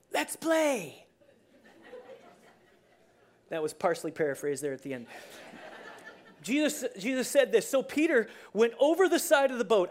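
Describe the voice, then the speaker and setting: Preacher, sermon, animated storytelling, casual asides, mid-pitched voice. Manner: animated storyteller who acts out scenes; conversational, with restarts and asides.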